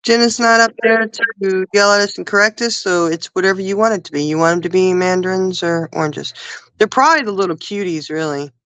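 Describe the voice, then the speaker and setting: A woman's voice: mid-range voice, fairly quick, fairly bright tone, smooth, dry recording, poor audio. A woman co-hosting a casual livestream chat, telling stories and laughing often. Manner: giggly storyteller, laughs often. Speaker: livestream co-host.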